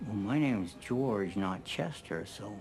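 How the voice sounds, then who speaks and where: A man's voice: on the low side, expressive, takes it slowly, gravelly, a little mellow, a little hiss or hum, heavily acted. An actor playing a folksy older male barber who spins rambling yarns in an easygoing way. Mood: amiable. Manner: easygoing, rambling yarn-spinner.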